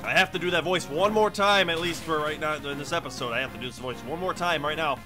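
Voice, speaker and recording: A man hosting a game let's play, chatty and excitable, talking to viewers, his throat hoarse from coughing. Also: a little high, quick pace, music in the background. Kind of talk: game commentary.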